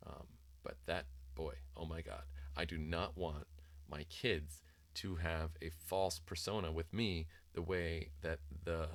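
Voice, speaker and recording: Deep-voiced middle-aged dad, casual and rambling, lots of ums, dry close mic. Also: male voice, dry recording. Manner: rambling, many ums and restarts, mimics sing-song voices in quotes. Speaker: author discussing his book on parenting. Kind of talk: casual reflective talk.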